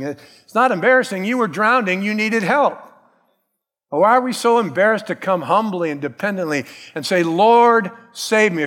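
A man's voice: fairly high pitch, a bit bright. Preaching man in a reverberant hall. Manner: emphatic preaching, calls out "Amen?", acts out quoted voices. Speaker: pastor. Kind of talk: sermon.

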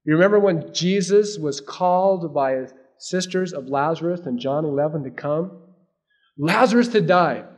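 A man's voice: a little high, moderate pace. Man preaching a sermon with dramatic swings. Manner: dynamic preaching, swinging between loud emphasis and hushed asides. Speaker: pastor.

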